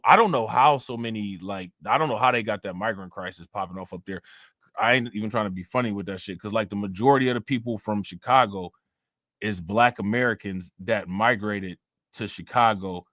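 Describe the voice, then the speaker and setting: A man's voice: mid-range voice, a bit bright, no room sound, clean studio sound. Loose, rambling male streamer. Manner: rambling, loose and profane, reading out chat messages. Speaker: live stream host. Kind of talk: casual live-stream commentary.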